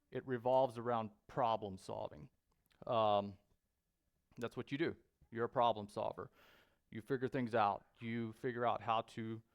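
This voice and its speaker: A man preaching a sermon in a church, speaking deliberately with frequent pauses and fillers. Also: medium pitch, smooth. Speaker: pastor. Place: church sanctuary.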